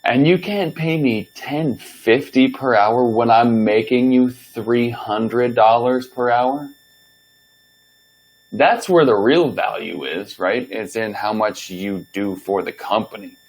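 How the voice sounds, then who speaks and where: A young man hosting a podcast, telling a story from his past jobs in a loose, animated, swear-filled way and acting out what he said back then. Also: mid-range voice, slow pace, poor audio. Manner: animated, profane, acts out his own past lines. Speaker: podcast host. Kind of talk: casual storytelling monologue.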